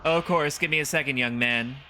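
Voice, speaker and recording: Man putting on a high, trembling old granny. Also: brisk, bright, forceful tone, slight background noise. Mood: gentle. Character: frail elderly widow, polite and sorrowful.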